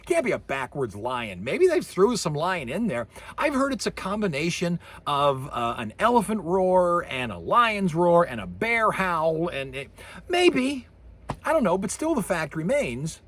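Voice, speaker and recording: Animated husky male lecturer. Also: high voice, moderate pace. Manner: animated, imitates sound effects with his voice. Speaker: university lecturer. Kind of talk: recorded course lecture.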